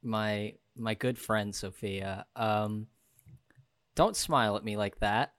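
A man's voice: lowish voice, fairly even intonation, takes it slowly, a bit bright, no echo. A young man co-hosting a podcast in casual banter, with frequent restarts and fillers. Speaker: podcast co-host.

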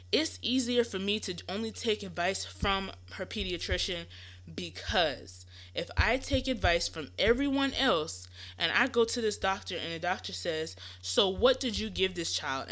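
A woman's voice: on the low side, a bit bright. A young woman, hosting a podcast and giving casual, reassuring parenting advice with lots of fillers. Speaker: podcast host.

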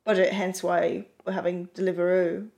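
A woman's voice: on the low side, level tone, moderate pace, creaky, crowd noise. A woman co-hosting a podcast, chatting casually, giving firm opinions and teasing her partner. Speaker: podcast co-host.

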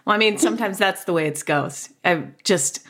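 A woman's voice: mid-range voice, moderate pace, a bit bright. A woman hosting a podcast interview, chatty and enthusiastic. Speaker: podcast host. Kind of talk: casual interview chat.

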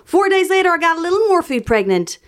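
A woman putting on a high, giggly, sing-song Southern accent to read out a breezy woman's words. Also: very animated, fast. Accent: put-on American Southern.

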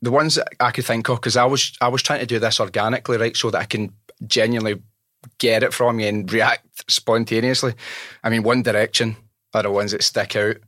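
A Scottish man hosting a podcast, telling stories in a lively, animated, casual way. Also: mid-range voice, brisk, no room sound, clean studio sound. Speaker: podcast host. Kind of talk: casual interview chat.

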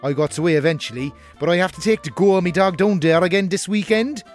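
This Cork-accented man speaks fast in a high-pitched, natural voice while faint music plays behind him. Playing a brash young northside letter-writer on a comic radio segment, he reads the letter in a broad, cheeky way.

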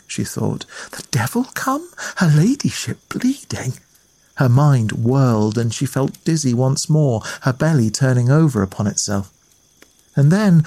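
A man reading a ghost story aloud in a measured, atmospheric way as the storyteller. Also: medium pitch, a little mellow. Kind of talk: scripted narration of a ghost story.

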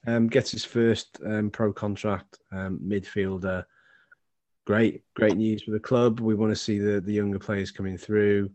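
A man with a lowish voice co-hosts a chatty fan podcast. He rambles, restarts his sentences and laughs readily. The sound is close and dry. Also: a little mellow, no room sound. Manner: rambling, laughs easily, stumbles over words. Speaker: podcast co-host. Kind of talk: casual football fan chat.

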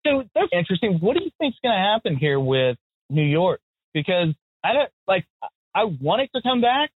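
A man's voice: high voice, moderate pace, breathy edge, dry recording. American guy chatting, swears a lot, tinny lo-fi audio. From United States. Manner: animated, blunt storyteller who swears. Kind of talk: casual chat. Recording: tinny phone-like audio, dry.

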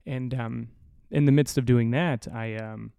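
A man hosting a podcast, spinning a casual story in a rambling, swear-laden, self-mocking way. His voice is mellow and smooth, caught close and dry on a studio mic. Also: mid-range voice, steady tone, a little slow, no echo. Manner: rambling, profane, self-deprecating, with many restarts. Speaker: podcast host. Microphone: studio mic through an audio interface.

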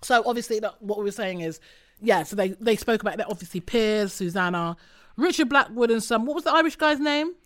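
Young woman, podcast co-host, brash teaser, bright tone. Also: fairly high pitch, animated, a little fast. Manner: brash, teasing, swears freely. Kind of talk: casual chat.

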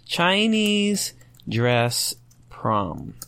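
A young man hosting a solo podcast, thinking out loud and rambling through rhetorical questions as he reads online comments. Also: mid-range voice, wildly swooping pitch, very slow, creaky, no echo. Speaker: podcast host.

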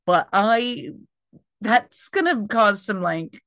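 A young American woman, a stand-up comedian, telling a story in casual chat, animated and laughing often. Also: medium pitch, slow, no room sound. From United States.

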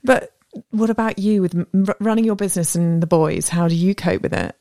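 A woman in her thirties co-hosting a podcast, telling stories in a lively, animated way and acting out voices. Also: on the low side, a little fast, no echo, studio quality. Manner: animated storyteller, acts out voices. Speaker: podcast co-host. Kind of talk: casual chat.

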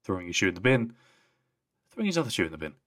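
A man co-hosting a podcast in casual chat, relaxed and a bit hesitant, laughing easily. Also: low voice, rapid-fire. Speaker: podcast co-host.

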